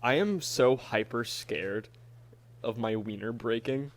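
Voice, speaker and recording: A man's voice: mid-range voice, slow, no echo. A young man co-hosting a podcast, tossing out crude jokes and quips in casual banter. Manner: joking quips and wisecracks. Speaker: podcast co-host.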